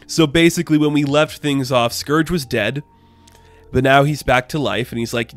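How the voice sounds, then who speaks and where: A man's voice: medium pitch, moderate pace. A man who reviews comic books, talking casually with lots of enthusiasm and rambling asides. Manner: enthusiastic, rambling, frequent "like" fillers.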